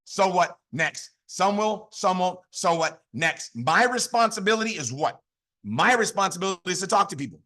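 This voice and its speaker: A man speaks with a high, bright voice in a pumped-up motivational training talk. He repeats his points and throws questions at his listeners before he answers them himself. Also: animated, moderate pace. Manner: fired-up, repetitive, call-and-response. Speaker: network marketing leader.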